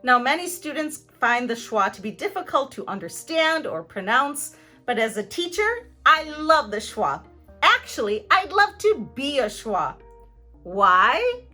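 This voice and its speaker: A woman teaching pronunciation in a scripted lesson, her voice high and bright. She swings her pitch a lot and sounds out example words carefully, with a playful, joking streak. Soft music plays under her. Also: big pitch swings, unhurried. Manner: playful, jokey, clearly articulated examples.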